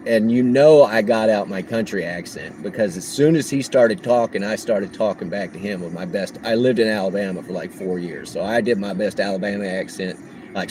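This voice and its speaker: A man livestreaming on the road as a delivery driver, telling a story in a casual, animated way and laughing often. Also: on the low side, normal speed, a little hiss or hum, rough recording.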